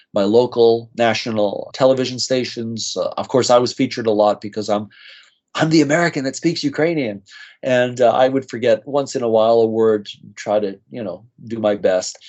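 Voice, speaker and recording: A man's voice: medium pitch, a little mellow. A man, a nurse practitioner being interviewed, telling heartfelt stories in a conversational way and acting out the people he quotes. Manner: earnest, moved, acts out quoted voices. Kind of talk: conversational storytelling.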